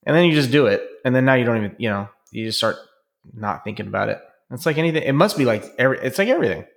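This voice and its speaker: A man co-hosting a podcast in casual chat, excitable and fond of swearing and playful mimicry. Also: mid-range voice, very fast, gravelly. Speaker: podcast co-host.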